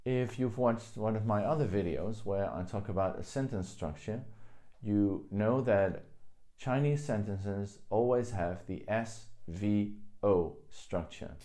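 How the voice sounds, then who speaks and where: A man's voice: lowish voice, takes it slowly, warm tone. A young man teaching a spoken language lesson in a casual, patient way, carefully repeating words and their tones.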